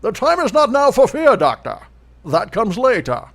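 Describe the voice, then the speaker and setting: A gravelly man putting on the voice of a slow, theatrical masked male villain from a film. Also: very high-pitched, huge pitch swings, fairly bright tone, voice pushed up, exaggerated voice. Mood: menacing.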